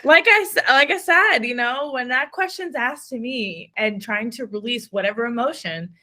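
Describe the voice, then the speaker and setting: A woman hosting a podcast, speaking candidly and reflectively in casual conversation, often halting mid-thought. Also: on the high side, lively intonation, bright, forceful tone. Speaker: podcast host.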